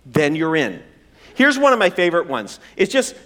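A man's voice: high-pitched, big pitch swings, fairly quick, a bit bright. A man in his forties preaching a sermon, conversational and humorous with self-deprecating asides. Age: 40s. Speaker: pastor.

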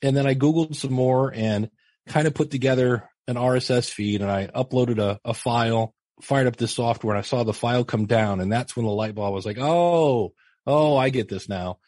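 A man's voice: medium pitch, normal speed, darkish tone, no room sound. A middle-aged man, a podcast guest, telling stories in a chatty, self-mocking way and acting out the people he quotes. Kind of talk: casual storytelling interview.

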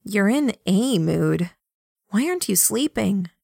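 A woman voicing a brisk young woman who sounds flustered and exasperated. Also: medium pitch, animated, vocal fry, a little mellow, slightly rough, no echo, studio quality, heavily acted. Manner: exasperated, scolding.

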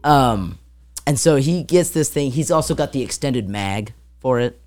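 She has a darkish bass voice, expressive and unhurried. As co-host of a casual podcast chat, she spins a long, rambling tale loaded with fillers and acted-out sound effects.

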